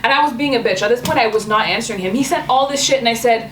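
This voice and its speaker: A young adult woman, a guest on a talk show, telling a dating story in casual, animated chat and acting out the pleading messages she got. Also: on the high side, fast talker, few pauses, echoey room, recorded from a distance, slight background noise, low-quality recording. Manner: animated, acts out the man's pleading texts.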